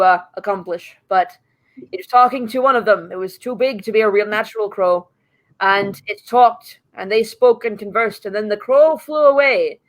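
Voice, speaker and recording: A woman playing a tabletop role-playing game, telling an in-character story in a rambling, casual way and swearing freely. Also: mid-range voice.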